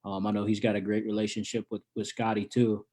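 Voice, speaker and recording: Speaking quickly in a lowish, dark voice with little pitch movement, this college wrestling coach handles interview questions casually. Ums pile up and he often starts sentences over.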